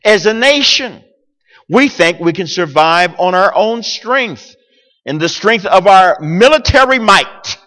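High, lively preaching man in a hall. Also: slow. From United States. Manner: preachy, animated, swings between loud declarations and soft asides. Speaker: pastor. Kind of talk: sermon.

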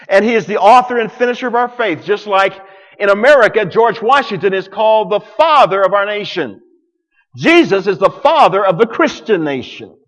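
Dramatic preacher man, lively high voice. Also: long reverb tail. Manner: dramatic preaching with big swings between loud and hushed. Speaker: pastor. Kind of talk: sermon.

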